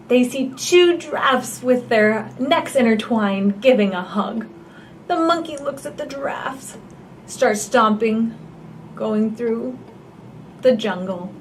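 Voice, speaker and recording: A woman with a slightly high voice reads a picture book aloud to small children, working as a storyteller for babies and toddlers. She gasps, exaggerates her delivery and asks the child coaxing questions, with slight background noise in the recording.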